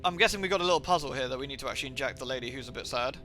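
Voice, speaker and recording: A man's voice: mid-range voice, rapid-fire, pushed and bright, faint music behind. A man giving jokey, rambling commentary while he streams a game. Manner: jokey and rambling, playing with slang. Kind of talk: casual live-stream commentary.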